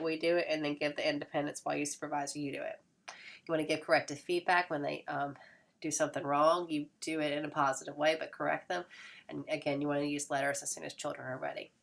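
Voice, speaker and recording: A woman with a congested voice delivers a recorded lecture on teaching children. Her voice sits low, and she works through each step patiently, with fillers and quick self-corrections. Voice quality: occasional throat clearing. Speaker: instructor.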